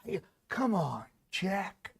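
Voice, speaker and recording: A man's voice: sits high, sing-song, extremely slow, gravelly, fairly bright tone, husky, heavily acted. A man doing a comic impression of a boastful, rambling older male president, repeating himself as he brags. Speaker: comedian doing a live mock press conference.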